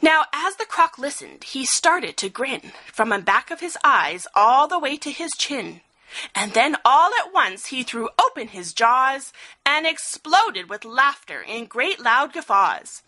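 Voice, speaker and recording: A woman reading a rhyming picture-book story aloud, expressive, with a sing-song rhythm. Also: high voice, measured pace, low-quality recording.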